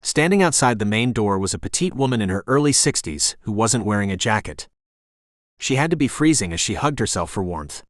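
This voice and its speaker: A man narrating a romance audiobook in the first person, calm and even. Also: lowish voice, fairly quick, no room sound, clean studio sound.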